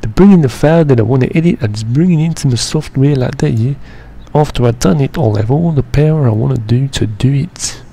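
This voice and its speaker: Gravelly man joking through an edit. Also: medium pitch, a little fast, few pauses, dark tone, slight background noise. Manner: slangy, profane, joking and rambling. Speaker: editing tutorial narrator. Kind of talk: casual profane screen-recording commentary.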